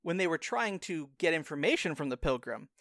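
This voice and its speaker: Animated man game master, lively pitch. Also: fairly quick, no echo, studio quality. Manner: animated, laughs often, thinks aloud with restarts. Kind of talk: narrating a tabletop game.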